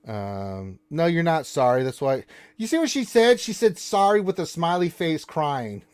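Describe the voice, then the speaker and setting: A man's voice: on the high side, sing-song, normal speed, a little mellow, clear, resonant tone. A man hosts a casual live stream and talks straight into a desk mic. He answers questions from chat and ribs his viewers and co-host with playful, mock-offended banter.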